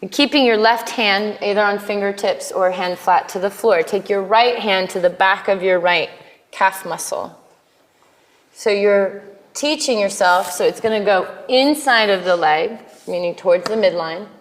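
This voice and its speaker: A woman teaching a live yoga class, cueing poses in a playful way with quick asides. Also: medium pitch. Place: yoga studio. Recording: long hall reverb in studio.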